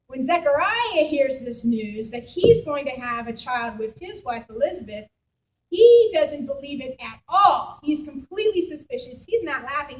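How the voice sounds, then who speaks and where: A woman pastor giving a sermon in a church, telling stories in a lively, conversational way with the congregation. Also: sits high, low-quality recording. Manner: animated storytelling, conversational with congregation.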